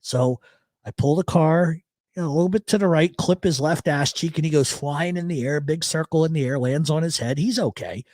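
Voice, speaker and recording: A man's voice: fairly high pitch, brisk, no echo, clean studio sound. A man hosting a live radio chat show, telling stories and reading chat messages aloud, heavy on profanity. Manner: profane, storytelling, animated.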